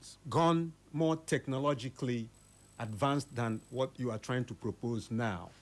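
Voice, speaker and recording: A man's voice: medium pitch, unhurried. A Nigerian man calling in to a radio show, indignantly asking why the government has not acted. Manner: indignant, rhetorical questions. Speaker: caller. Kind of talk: radio phone-in commentary.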